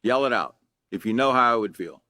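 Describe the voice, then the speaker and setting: A man's voice: medium pitch, lively intonation, a little fast, sharp tone, no room sound. A middle-aged man, teaching an anger management class in a casual, conversational way and asking his students questions.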